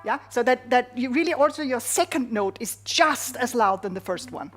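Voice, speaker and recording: A woman's voice: on the high side, lively intonation, moderate pace, fairly bright tone, faint music behind. A woman teaching a flute masterclass, encouraging her student and singing rhythms aloud, often checking in with "yeah?". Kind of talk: masterclass coaching.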